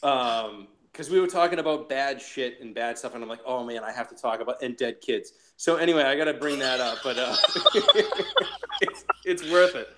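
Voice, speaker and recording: A man's voice: medium pitch, wildly swooping pitch, normal speed, noisy background. A man from Massachusetts in a mid-range voice, chatting as a podcast guest. He rambles, swears freely, and restarts his sentences often. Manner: rambling, many fillers and restarts, laughs a lot. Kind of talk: casual profane chat.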